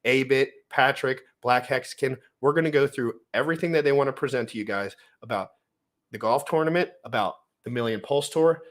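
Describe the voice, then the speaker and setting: A young man hosts a casual livestream in a mid-range voice, neither high nor low. He talks in a hyped, slangy way and reads out viewers' names. He rambles and often restarts his sentences. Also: fairly quick. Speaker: livestream host.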